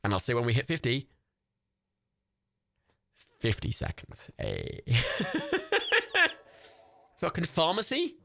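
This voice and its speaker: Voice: medium pitch, wildly swooping pitch, unhurried, creaky, long pauses, no room sound. A young adult streamer hosting a watch party, chatting casually, reading out chat and gifts, swearing freely and laughing often.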